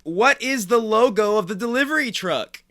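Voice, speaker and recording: Casting: young adult male podcast co-host, bright, animated delivery with a teasing streak. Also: high-pitched, moderate pace. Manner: teasing, joking. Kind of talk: casual banter.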